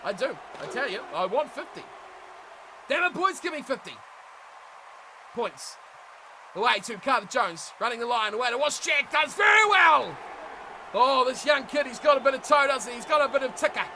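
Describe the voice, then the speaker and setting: A young man giving animated play-by-play commentary on a rugby management game, shouting at big plays and chatting to viewers. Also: very high-pitched, normal speed, pauses often, a little hiss or hum, poor audio. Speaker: gaming commentator.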